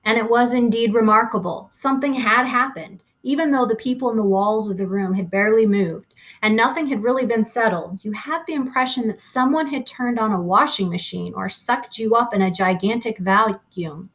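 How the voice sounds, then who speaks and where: A woman reads a novel aloud with expressive delivery. She slows down and lingers on key phrases. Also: a little high. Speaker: reader.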